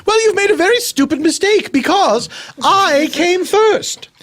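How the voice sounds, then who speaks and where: A man's voice: extremely high pitch, animated, unhurried, a bit bright, heavily acted. A man playing a haughty, prim, old-fashioned lady motorcycle daredevil in an improvised comedy podcast. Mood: imperious. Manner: prim, imperious, scolding.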